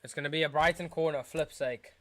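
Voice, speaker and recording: A young man streaming a football watchalong, muttering through quiet spells and yelling at big chances. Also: on the high side, fairly quick, no echo. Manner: excitable, shouts at big chances, mutters otherwise. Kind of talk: live football watchalong commentary.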